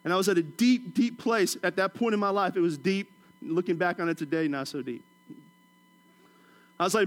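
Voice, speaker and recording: A middle-aged male preacher from Washington, D.C., with a notably high-pitched voice. He preaches with chuckling, humorous storytelling and sinks into a hushed, low tone to drive his points home. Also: moderate pace, long pauses. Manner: drops to a soft, low voice for emphasis. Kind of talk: sermon.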